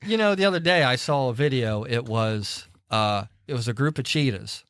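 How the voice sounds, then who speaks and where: A man's voice: mid-range voice, moderate pace, smooth, no room sound, studio quality. A man co-hosting a casual church podcast chat, telling stories with lots of laughter and acted-out quotes. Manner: animated storyteller, acts out quoted voices, laughs through stories. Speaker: podcast co-host.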